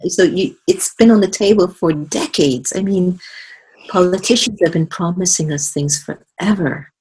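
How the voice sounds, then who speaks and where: A woman speaking as a spiritual guest in a conversational interview, earnest and animated. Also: fairly low pitch, normal speed, a little hiss or hum, poor audio.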